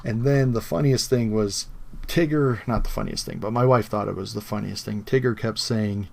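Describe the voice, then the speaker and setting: Low-voiced man, laughing podcast chat. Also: normal speed, gravelly, darkish tone. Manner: laughing, enthusiastic recounting of scenes. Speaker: podcast co-host. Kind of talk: casual chat.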